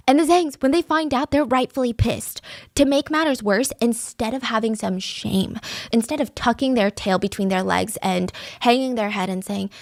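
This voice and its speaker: A woman telling a true-crime story to her podcast audience in a chatty, expressive way. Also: fairly high pitch, no room sound, clean studio sound. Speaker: storyteller host.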